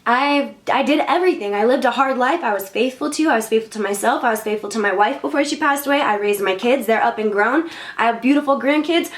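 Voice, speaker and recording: A woman's voice: a little high, natural voice. Woman doing an indignant stubborn old man. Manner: slangy, indignant complaining. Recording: roomy echo.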